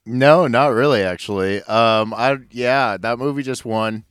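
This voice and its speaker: A man chiming in on a podcast with short, easygoing replies. His voice is smooth and clear at a middle pitch. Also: a little slow, fairly bright tone, no echo, clean studio sound. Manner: brief, laid-back replies. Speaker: podcast co-host. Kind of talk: casual chat.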